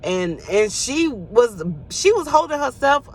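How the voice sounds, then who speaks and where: A woman's voice: high-pitched, very animated, slow pace, darkish tone. A woman giving a casual devotional talk, earnest and preachy, who keeps checking in with "right?" and "you know?". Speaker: speaker.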